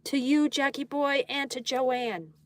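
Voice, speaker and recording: A woman's voice: high voice, a little slow, slight background noise. A woman hosting a live art stream in a casual way, reading viewer comments aloud and greeting each viewer. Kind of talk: casual live-stream chat while drawing.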